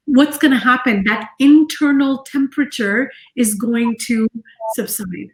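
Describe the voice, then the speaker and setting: A middle-aged woman, a parenting expert, explaining her ideas calmly and gently in an interview, repeating her key phrases. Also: a little high, measured pace. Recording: echoey room.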